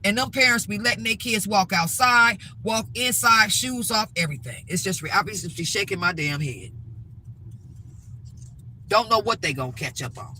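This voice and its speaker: A woman's voice: medium pitch, moderate pace, bright, forceful tone, a little hiss or hum, poor audio. A middle-aged woman vlogging, ranting bluntly and emphatically with lots of repetition, from inside a vehicle. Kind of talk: ranting to-camera vlog.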